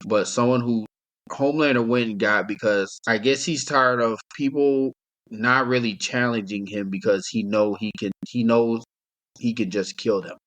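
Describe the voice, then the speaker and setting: Young male podcast co-host, rambling and relaxed, mid pitch, casual chat delivery. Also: moderate pace. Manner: rambling, laid-back, laughs often.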